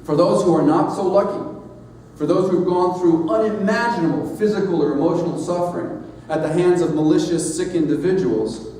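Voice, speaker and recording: A middle-aged man delivers an earnest, measured sermon-style address, leaning on emphatic pauses. His voice is mellow and somewhat high for a man. He is picked up from a distance in a large, echoey hall with long reverb and a faint hiss. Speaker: society leader giving a platform address.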